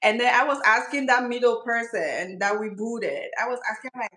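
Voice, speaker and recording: A woman's voice: fairly high pitch, moderate pace, pushed and bright, reverberant, poor audio. A woman hosting a casual skincare channel chat, teasing her friend and laughing often.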